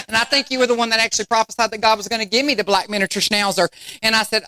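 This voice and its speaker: A middle-aged woman, preaching a sermon and telling a story with lively acted-out quotes. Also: a little high, rapid-fire, dry recording, low-quality recording.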